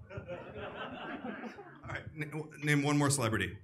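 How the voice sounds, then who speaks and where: A man's voice: on the high side, very animated, slow pace, long pauses, a bit bright. An American man doing a stand-up set, telling a story in a loose, profane way with lots of fillers. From United States. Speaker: stand-up comedian. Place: comedy club stage.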